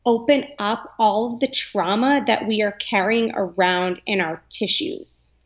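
A woman's voice: medium pitch, unhurried, lo-fi sound. A young adult woman, a yoga teacher, talking earnestly in a podcast interview and filling her speech with "like.". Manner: earnest, chatty, lots of "like".

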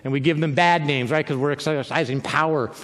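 A man's voice: on the high side, steady tone, brisk, fairly bright tone. A man preaching a sermon in a conversational way, often checking in with the listeners by asking "right?". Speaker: pastor. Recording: long reverb of a large hall.

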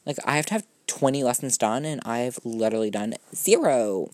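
A man's voice: mid-range voice, expressive, moderate pace, no echo. Young man with a gushing valley-girl drawl. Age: young adult student. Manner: gushing valley-girl drawl, constant "like" and "oh my god", casual swearing; scattered, self-mocking, jumps between topics. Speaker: podcast host. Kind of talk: rambling solo podcast monologue.

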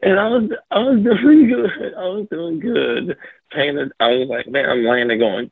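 A man's voice: medium pitch, expressive, moderate pace, vocal fry, slightly rough, dry recording, narrow, tinny audio. A man calling in to a show, rambling, swearing and laughing nonstop as he talks. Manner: laughing constantly, profane and rambling. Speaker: caller. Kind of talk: casual phone call-in chat. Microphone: phone.

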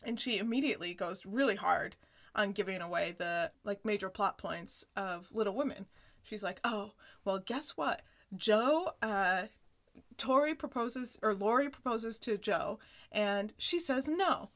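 A woman co-hosting a podcast, casually recapping a sitcom episode in an animated way, with lots of "like" and laughter. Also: mid-range voice, moderate pace. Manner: animated retelling, full of "like" and laughter. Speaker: podcast co-host.

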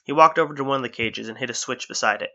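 A man narrating an adventure story in a steady, engaged reading style, on a dull lo-fi recording. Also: medium pitch, very fast.

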